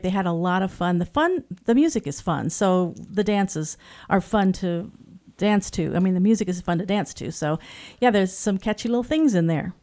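A woman talks about her theater production in an easy, rambling way, full of fillers and restarts. Her pitch sits in the middle range. It sounds like relaxed interview chat. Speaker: theater director.

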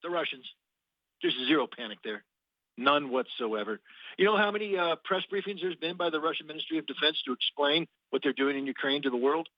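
A man's voice: a little high, a little fast, dry recording. A man speaks as a guest analyst in a radio interview. He is blunt and sardonic, and he often restarts his words. The mic is close and dry, and the sound is dull and lo-fi. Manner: blunt and sardonic, repeats words while finding them.

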